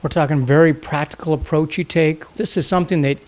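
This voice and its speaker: A man hosting an interview, asking measured questions and moving through topics. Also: a little high, steady tone, darkish tone. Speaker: interview host.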